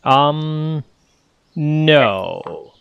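A man running a tabletop game for his players. His voice sits a little high and he takes it slowly. He talks in a casual, halting way, with laughs now and then. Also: expressive, creaky, clear, resonant tone, dry recording, lo-fi sound. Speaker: game master.

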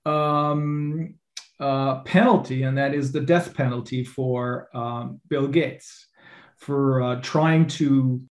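A man with a German accent, a lawyer being interviewed, who talks haltingly with many fillers and restarts. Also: mid-range voice, steady tone, reverberant. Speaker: attorney, interview guest. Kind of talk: interview answers.

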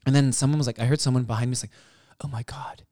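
A man's voice: mid-range voice, steady tone, rapid-fire, warm tone. A young man telling stories on a podcast in casual chat, acting out quoted voices and laughing often.

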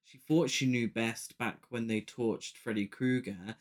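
A man's voice: medium pitch, fairly even intonation, unhurried. A man co-hosting a podcast, casually analysing a horror film with frequent laughs. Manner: giggly, opinionated, speeds up when arguing a point. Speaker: podcast co-host. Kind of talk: casual chat.

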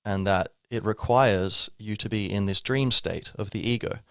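Low-voiced man musing aloud. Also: moderate pace, creaky, a bit bright, clear, resonant tone, no room sound, studio quality. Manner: rambling, casual, many fillers and restarts, wry asides. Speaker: podcast host. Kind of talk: reflective spiritual monologue.

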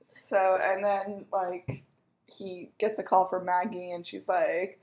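A woman's voice: level tone, takes it slowly, darkish tone. A woman co-hosting a podcast, casually recapping a TV episode and laughing as she mimics the characters. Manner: giggly, acts out characters' lines with pitch jumps. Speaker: podcast co-host.

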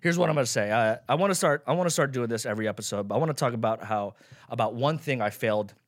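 A man's voice: mid-range voice, animated, fast, no echo. A young man hosts his own podcast, talking in a casual, sarcastic and profane way. His voice sits in an ordinary middle range. It is recorded close and dry, with hardly any room sound. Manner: profane, sarcastic, jumps between loud mock outrage and mumbling asides. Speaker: podcast host. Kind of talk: casual solo podcast rant.

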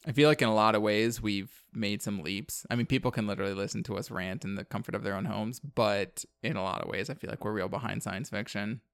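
A man's voice: fairly low pitch, quick pace, few pauses, clean tone, no room sound, clean studio sound. A man on a podcast casually recapping a horror movie plot, rambling with lots of fillers and wry asides. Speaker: podcast co-host.

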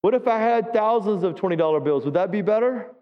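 Man, pastor, high voice, conversational sermon, long hall reverb, dull lo-fi sound. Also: lively intonation, fast. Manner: conversational preaching, asks the congregation questions. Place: church sanctuary.

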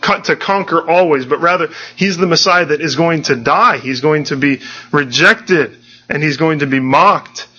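Bright-voiced man preaching earnestly. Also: fairly high pitch, moderate pace, slightly rough, muffled recording. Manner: earnest, conversational preaching with frequent restarts. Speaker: pastor. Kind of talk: sermon.

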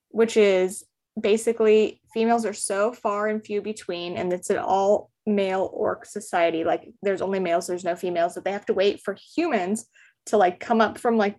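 A woman's voice: mid-range voice, darkish tone. A woman recapping a romance novel in casual podcast chat, chatty and full of "like" fillers, laughing often. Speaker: podcast guest.

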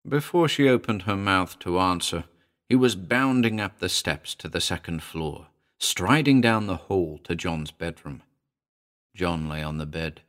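A man whose voice sits low narrates a short horror tale dramatically. His delivery shifts from hushed to urgent.

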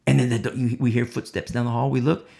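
A preacher delivering an animated sermon, driving points home with emphatic repetition and acting out the people in the story. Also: medium pitch, fast talker, creaky. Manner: acts out quoted voices.

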